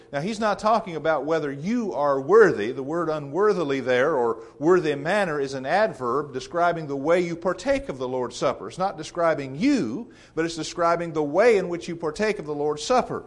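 A man preaching a sermon in an earnest, measured way, repeating phrases for emphasis. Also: fairly high pitch, lively intonation.

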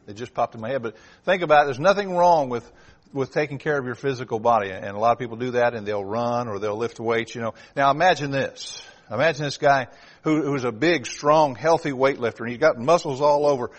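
A man preaching a sermon, stressing key words and asking the congregation direct questions. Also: medium pitch. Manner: emphatic, rising and dropping for emphasis.

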